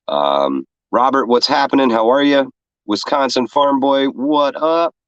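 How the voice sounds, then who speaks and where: A man's voice: medium pitch, animated, unhurried, dry recording, lo-fi sound. A man from New York with a stuffy cold, casually hosting a livestream and greeting the chat with loose profanity. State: congested with a cold. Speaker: livestream co-host. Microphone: separate room, remote feed.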